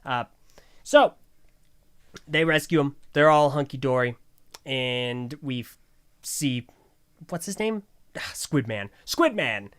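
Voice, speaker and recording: A man's voice: medium pitch, animated, slow pace, long pauses, a bit bright, smooth. A man hosting a podcast, who recaps a cartoon episode in a jokey, sarcastic way. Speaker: podcast host.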